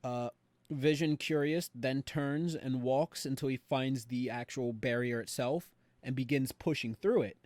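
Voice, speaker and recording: Young male co-host, mid-pitch, casual recap with punchy swearing and quoted lines; dead-dry room. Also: dry recording. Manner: animated retelling with quick voiced quotes, swears freely. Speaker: podcast co-host.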